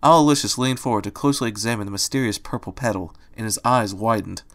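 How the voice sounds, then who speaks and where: A man's voice: lowish voice, fast, fairly bright tone. A man reading a fan fiction story aloud, narrating steadily. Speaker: reader.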